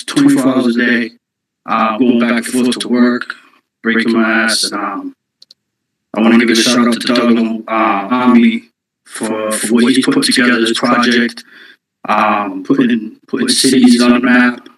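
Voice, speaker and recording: A man talking casually into his phone on a live audio space, out of breath, halting, with many ums and restarts. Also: mid-range voice, level tone, echoey room, poor audio. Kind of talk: casual call-in talk.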